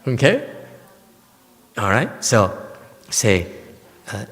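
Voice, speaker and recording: A man's voice: on the low side, huge pitch swings, extremely slow, fairly bright tone. A man, a Buddhist master giving a Dharma lecture on a sutra, teasing and quizzing his audience with emphatic questions. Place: temple lecture hall. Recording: reverberant hall.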